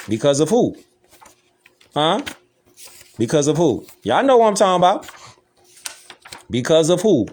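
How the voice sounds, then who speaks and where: A man with a Chicago accent, talking casually and loosely in a slangy monologue and often repeating "you know what I'm saying.". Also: a little high. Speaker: social media talker.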